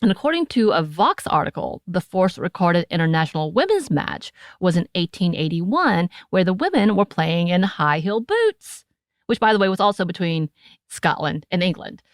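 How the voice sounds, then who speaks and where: A woman's voice: on the low side, very animated, normal speed, no room sound, clean studio sound. An American woman co-hosting a podcast, chatting casually with playful asides and frequent laughter. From United States. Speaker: podcast co-host.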